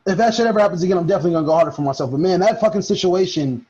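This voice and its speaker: High-voiced young man, lo-fi sound. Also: rapid-fire. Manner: animated storytelling, swears often, laughs a lot. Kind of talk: casual chat. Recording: dull lo-fi recording.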